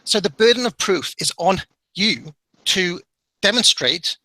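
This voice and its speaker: Exasperated man, sharp bright voice. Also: high-pitched, expressive, unhurried, no echo, low-quality recording. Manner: exasperated, keeps cutting in. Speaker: debater attacking a theory. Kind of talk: heated online debate.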